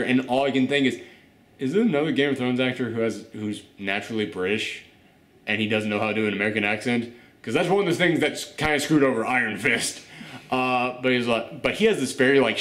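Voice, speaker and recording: A man's voice: medium pitch, fairly bright tone. A man hosting a casual TV review who jokes and acts out scenes in little voices as he talks. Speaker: review show host. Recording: roomy echo.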